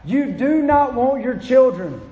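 A man's voice: very high-pitched, lively intonation, measured pace, mellow, muffled recording. A man preaching a sermon with passion, pleading with listeners and acting out quotes. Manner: impassioned, pleading, acts out quotes. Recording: echoey hall.

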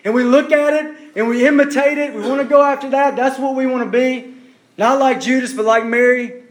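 A man preaching a sermon, emphatic and repeating his phrases, dropping to hushed questions to the listeners. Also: very high-pitched, steady tone, fairly quick. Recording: echoey room.

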